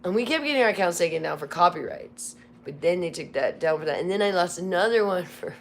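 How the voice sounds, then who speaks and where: A woman with a hoarse, very low voice chats openly on a live stream. She rambles in a candid, confessional way. A faint hiss sits under her talk. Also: animated, fast. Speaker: livestream host. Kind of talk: casual live chat. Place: Las Vegas home.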